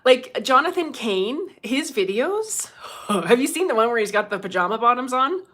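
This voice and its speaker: A middle-aged woman, hosting a casual livestream as a medium, chatty and quick to laugh, greeting viewers by name. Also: on the high side, very animated, fairly bright tone.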